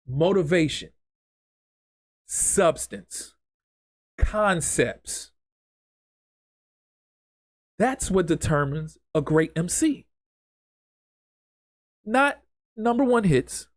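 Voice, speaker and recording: A man's voice: a little high, darkish tone, no room sound, studio quality. A man hosting a solo podcast, speaking in an impassioned, emphatic way with lots of repetition and casual grammar. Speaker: podcast host.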